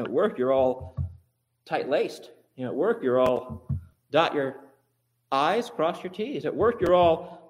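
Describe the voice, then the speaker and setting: A man preaching a sermon, lively and rhetorical, swinging between quiet asides and emphatic exclamations. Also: sits high. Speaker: pastor.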